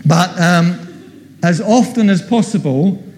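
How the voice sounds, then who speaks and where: A man's voice: high voice, takes it slowly, darkish tone. A middle-aged man preaches in a church hall, his slightly raised voice ringing with long reverb. He tells the story with animation and slips into the voices he quotes. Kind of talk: sermon.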